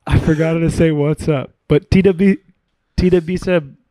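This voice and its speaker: A man's voice: fairly high pitch, steady tone, moderate pace, dark tone, dry recording. A man guesting on a podcast, telling rambling stories in casual chat and laughing at his own jokes.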